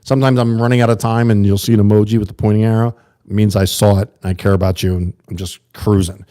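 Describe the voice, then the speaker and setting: Earnest low-voiced man livestreaming. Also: fairly even intonation, quick pace, dark tone. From USA. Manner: earnest, rambling, talks to chat viewers. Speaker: livestream host. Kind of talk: casual livestream monologue.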